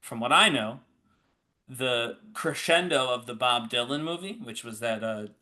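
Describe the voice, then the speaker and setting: A man trades opinions in relaxed podcast banter, animated and laughing often. His voice is bright and forceful, sitting at a middling pitch. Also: unhurried. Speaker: podcast co-host. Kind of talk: casual chat.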